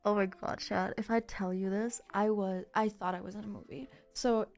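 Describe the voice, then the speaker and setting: A woman's voice: mid-range voice, moderate pace. A young woman from Germany with a German accent, a streamer casually telling a story to her chat, acting out the people in it and cursing freely. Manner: animated, acts out quotes, swears, many fillers.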